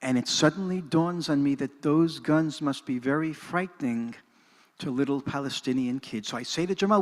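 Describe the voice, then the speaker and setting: The reverberant hall of a synagogue carries an older man's fairly high-pitched voice at a moderate pace. He is giving a presentation, an earnest and dramatic personal storytelling talk that moves back and forth between narration and reflection.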